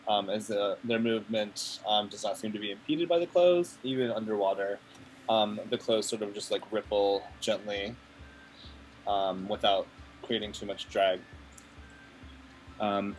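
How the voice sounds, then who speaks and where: A man describes his character for a tabletop game, hesitant and full of fillers. His voice sits a little low, with faint music underneath. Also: low-quality recording. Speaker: player.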